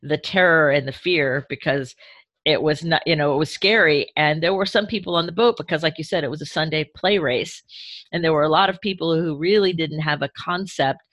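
A man's voice: fairly high pitch, a little fast, fairly bright tone, dry recording. A man in casual chat, supportive and reflective. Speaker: co-host, sailing crew.

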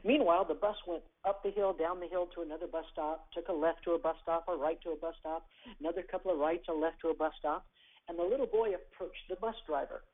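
This is a guest phoning into a talk show and telling a story with real drive, slipping into the voices of the people in it. The sound is thin and narrow, like a telephone line. The voice sits at a middle pitch, and both the pace and the loudness keep shifting as the story goes on. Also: fairly even intonation, fast. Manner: acts out quoted characters, varies loudness and pace. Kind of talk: animated storytelling on a call-in show. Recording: tinny phone line.

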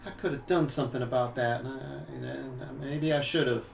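Gideon, a gravelly rueful frontiersman, as a man puts him on. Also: medium pitch, fairly quick, noisy background, close to an everyday voice. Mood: regretful. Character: remorseful frontier man second-guessing himself. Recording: roomy distant mic with music.

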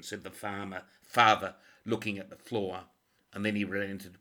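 A man reading a crime novel as scripted audiobook narration, measured and dramatic. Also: low voice, little pitch movement, bright, forceful tone.

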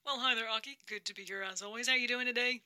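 A woman's voice: a little high, steady tone, quick pace, bright, forceful tone, dry recording, studio quality, pitched above the performer's own voice. A woman putting on a chirpy put-on American reporter. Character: chipper female on-set reporter doing a segment.

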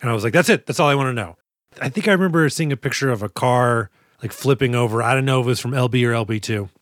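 A man's voice: medium pitch, very fast, no echo, studio quality. A man from the United States hosting a podcast about action movies, joking and rambling in casual chat. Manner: jokey, rambling with restarts. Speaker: podcast host.

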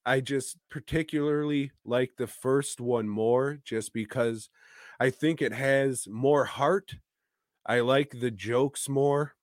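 A man's voice: medium pitch, slow pace, dry recording, studio quality. A man co-hosting a podcast, chatting casually about movies in a rambling, profane way and chuckling between his points. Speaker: podcast co-host.

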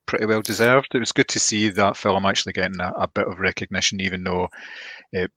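A man co-hosting a casual film discussion, talking in a measured way and thinking aloud with small restarts. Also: sits low, level tone, sharp tone, no room sound. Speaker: film podcast co-host.

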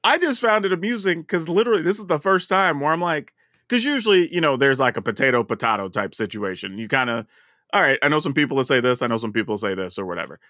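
A man's voice: on the high side, animated, quick pace, sharp tone, dry recording, studio quality. A man from the American South with a Southern US accent, co-hosting a podcast in a chatty, storytelling way and laughing often. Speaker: podcast co-host. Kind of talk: casual podcast chat.

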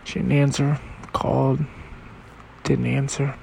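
A man hosting a podcast episode, telling a personal story in a halting, reflective and emotional way. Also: medium pitch, level tone, gravelly, darkish tone, a little hiss or hum. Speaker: podcast host.

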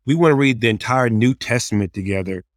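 A man's voice: medium pitch, quick pace, dry recording, clean studio sound. A man in casual conversation, giving earnest, practical advice on leading a small group and acting out quoted prayers and kids. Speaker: youth ministry leader.

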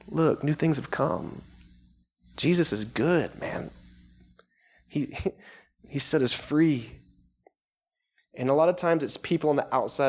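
A man with a Texan accent preaching a sermon in a church, talking in a loose, conversational way with small laughs and fillers. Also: mid-range voice. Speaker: pastor. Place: church sanctuary.

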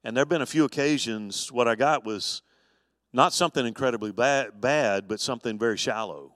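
A man's voice: medium pitch, brisk, fairly bright tone, dry recording, studio quality. A man, a pastor, teaching an adult Bible study in a conversational, folksy preaching style with homespun stories.

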